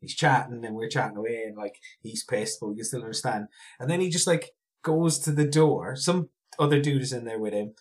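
A man's voice: medium pitch, fairly quick. A man from Ireland hosting a podcast, chatty and laughing often as he rambles through anecdotes. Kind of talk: casual chat.

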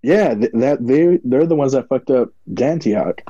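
A man's voice: mid-range voice, lively intonation, measured pace, warm tone, no echo, lo-fi sound. A man co-hosting a podcast in casual chat, laid-back, chiming in and swearing casually. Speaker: podcast co-host.

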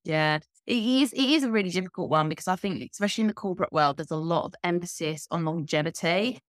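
A woman's voice: on the low side, fast, dry recording, studio quality. Candid woman in her thirties. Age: 30s. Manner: candid, energetic, laughs easily. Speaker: guest coach. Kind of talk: casual podcast conversation.

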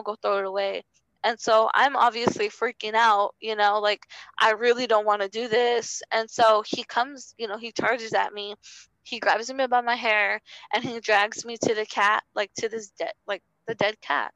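A young woman telling her own story in an interview, halting and earnest, often circling back with fillers. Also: fairly high pitch, little pitch movement, a bit bright, clear, resonant tone, dry recording, low-quality recording. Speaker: interview guest. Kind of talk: personal testimony in conversation.

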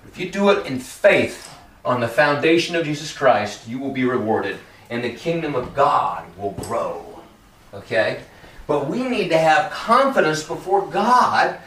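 A man preaching a sermon in a conversational, animated way, joking and acting out little quoted exchanges. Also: fairly high pitch, reverberant, recorded from a distance.

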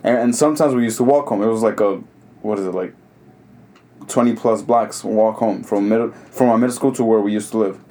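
Laughing young man, mellow voice. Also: lowish voice, fairly quick. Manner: laughs often, rambling with restarts. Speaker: podcast co-host. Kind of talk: casual storytelling chat.

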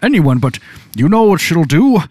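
A man's voice: on the high side, big pitch swings, normal speed, a little mellow, slightly rough, dry recording, clean studio sound, pitched above the performer's own voice. A man doing a whiny childish employee. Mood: pleading. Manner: pleading, petulant.

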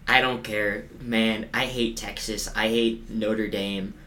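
A man's voice: lowish voice, steady tone, slow, sharp tone. A man imitating his feisty older grandmother, a die-hard football fan who talks bluntly and grumbles. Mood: grumbling.

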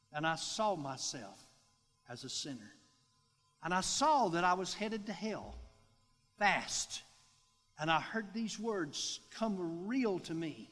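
Animated preacher in a reverberant hall. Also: male voice, fairly high pitch. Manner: animated storytelling, acts out voices in quotes. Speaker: pastor. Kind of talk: sermon testimony.

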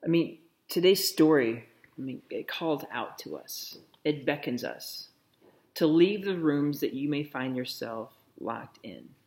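A man preaching a sermon in a slow, reflective way, softly repeating a blessing. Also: a little high, expressive. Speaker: pastor.

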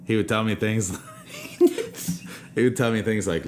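A man's voice: fairly low pitch, animated, unhurried, a little hiss or hum. A young man as a podcast guest in casual chat, laid-back, giving short answers.

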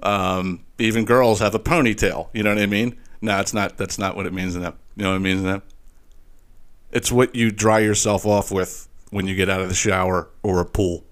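A man with a slight Philadelphia accent, hosting a podcast in a rambling, animated monologue full of profanity and restarts. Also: low-pitched, normal speed. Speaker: podcast host.

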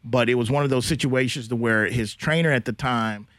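A man's voice: medium pitch, brisk, a bit bright, no room sound. A man hosting a sports podcast, telling long rambling stories in a loose, slangy way. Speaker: podcast host. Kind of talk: casual sports chat.

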